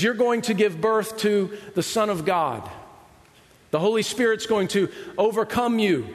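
High-voiced pastor in reverberant hall. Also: male voice. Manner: conversational, asks the audience "right?"; acts out quoted voices of Bible figures. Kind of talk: sermon.

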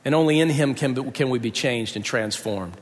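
In a large hall, a man with a medium-pitched voice preaches at normal speed. His sermon centers on a personal anecdote, and he dramatizes the voices of everyone involved.

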